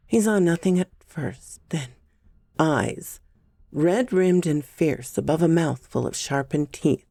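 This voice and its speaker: Woman storyteller, gravelly, dry close sound, measured horror reading. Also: deep voice, warm tone, dry recording. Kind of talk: scripted horror story narration.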